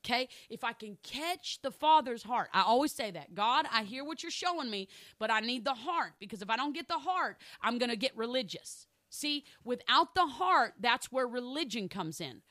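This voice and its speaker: Woman pastor, middle-aged, preaching with emphatic repetition; bright, somewhat high voice, dry sound. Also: lively intonation, normal speed, few pauses, dry recording. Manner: emphatic, repeats phrases for stress; candid personal storytelling. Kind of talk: sermon.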